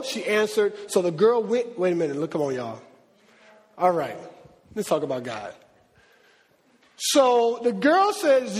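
High-voiced animated preacher in a hall. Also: male voice, unhurried, pauses often. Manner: animated, conversational preaching with slang. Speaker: pastor. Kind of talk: sermon. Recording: long reverb of a large hall.

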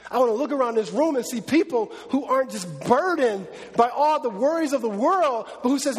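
High-voiced preacher in an echoing hall. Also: male voice, a little fast, hardly any pauses, breathy edge. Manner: conversational, animated preaching with slang. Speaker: pastor. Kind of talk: sermon. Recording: long echo of a large hall.

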